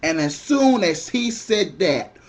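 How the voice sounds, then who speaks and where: A young man telling a comic story in an excitable way, shouting the punchlines and acting out the other people in it. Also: high voice, slow pace.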